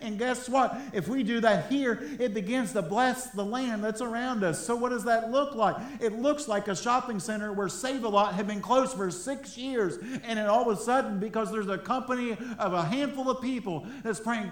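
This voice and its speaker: A man's voice: high voice, normal speed, few pauses, reverberant. A man preaching a sermon as pastor, talking in a conversational way and chuckling between points.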